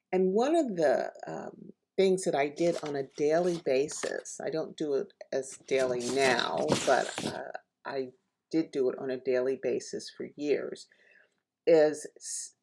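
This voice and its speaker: Woman poet-teacher, dark gravelly voice, soft and halting delivery. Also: low-pitched. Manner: gentle, hesitant, with many fillers; repeats lines slowly and softly. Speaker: author reading her poetry. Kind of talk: reading a poem and teaching self-care practices.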